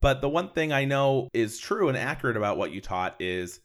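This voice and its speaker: A man's voice: medium pitch, expressive, fairly quick. A man hosting a casual conversation, talking in an earnest, reflective way that often repeats his words.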